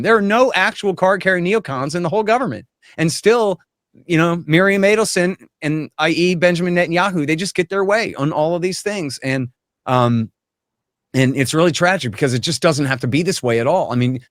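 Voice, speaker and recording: A man's voice: on the high side, no room sound. Blunt, emphatic man with a dry, close sound. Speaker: guest commentator. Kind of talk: political commentary.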